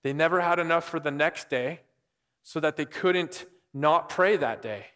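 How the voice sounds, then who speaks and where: A man's voice: on the high side, measured pace, fairly bright tone, clear, resonant tone. A man preaching a conversational sermon, explaining scripture and asking the listeners questions. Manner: conversational, asks the room questions. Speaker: pastor. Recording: long hall reverb.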